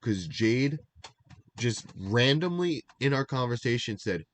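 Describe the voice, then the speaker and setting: A young man co-hosting a casual stream recap, rambling and animated, laughing at himself as he goes. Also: mid-range voice, unhurried. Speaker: draft league recap co-host.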